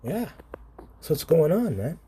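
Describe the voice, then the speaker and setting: A man's voice: a little high, sing-song, measured pace, dark tone, husky. A man reading Bible verses aloud and commenting on them in an informal sermon style, often laughing and calling the listener "man". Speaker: scripture teacher.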